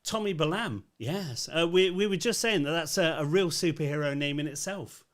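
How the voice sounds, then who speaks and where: A man's voice: fairly high pitch, normal speed. A man from England hosting a casual live-stream chat show, talking in a playful, chatty way. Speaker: host.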